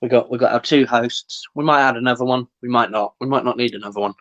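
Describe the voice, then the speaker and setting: A man's voice: medium pitch, level tone, quick pace, fairly bright tone, lo-fi sound. A man hosting a live podcast over a video call, upbeat and full of ums. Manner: upbeat, thanks guests, lots of ums. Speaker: podcast host. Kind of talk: casual live-stream chat.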